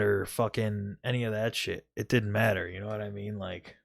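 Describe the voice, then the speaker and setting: A man's voice: on the low side, steady tone, moderate pace, gravelly. A man telling a rambling, profane story about a gaming friend from his home gaming setup, full of restarts and quoted dialogue. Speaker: gaming video host. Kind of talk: casual storytelling monologue.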